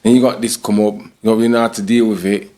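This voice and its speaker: A man's voice: lowish voice, level tone, fast, warm tone. A man with a Sheffield accent, co-hosting a podcast in casual chat, reasoning steadily and agreeing. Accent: Sheffield English. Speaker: podcast co-host. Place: podcast studio.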